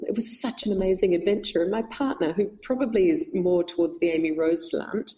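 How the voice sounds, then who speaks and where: A woman guest telling travel stories in a casual chat, animated and quick to laugh. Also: on the low side, low-quality recording.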